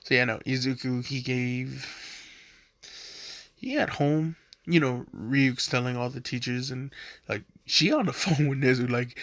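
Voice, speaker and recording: A man's voice: mid-range voice, measured pace, a bit bright, no room sound. A young man casually telling a fan story, rambling with lots of "like" and jumping into quoted voices.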